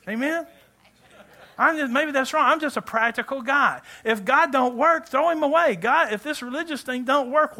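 Animated, bright-voiced male preacher. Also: very high-pitched. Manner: animated, joking, swings between loud and hushed. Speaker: pastor. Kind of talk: sermon.

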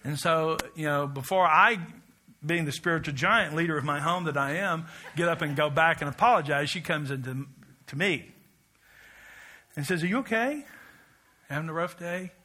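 Middle-aged guy preaching, high voice, storytelling sermon, pokes fun at himself, gets loud sometimes. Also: normal speed. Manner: animated storytelling, self-mocking, rising to loud exclamations. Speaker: pastor.

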